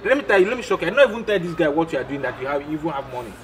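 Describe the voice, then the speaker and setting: Guy pleading fast, highish voice, crowd noise around. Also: big pitch swings. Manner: pleading and exasperated, repeats himself. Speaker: matchmaker. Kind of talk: comedy skit acting.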